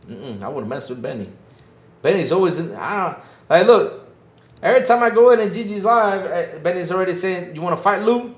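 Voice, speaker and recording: Playful man in a lively echoey room. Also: high-pitched. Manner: playful, self-mocking, laughs often, mock-whiny. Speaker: livestream podcast host. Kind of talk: casual live-chat banter.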